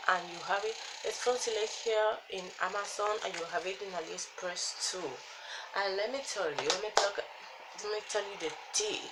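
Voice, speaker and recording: Woman wig vlogger, slow and exasperated, clear room noise underneath. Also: medium pitch. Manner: exasperated, sighing, slow rambling chatter. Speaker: wig reviewer. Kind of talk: casual product review. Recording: noticeable background ambience noise.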